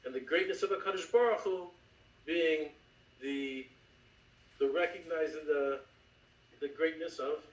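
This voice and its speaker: A man in a class discussion, halting and searching for his words. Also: fairly high pitch, recorded from a distance. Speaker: class participant. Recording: dull, roomy, from off mic.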